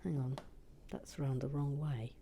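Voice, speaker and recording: A woman hosting a building video, chatting casually and self-mockingly, often dropping into a hushed whisper and stumbling over words. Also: rumbling low, level tone, unhurried, slightly rough. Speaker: host of a brick-building channel. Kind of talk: casual chat while building.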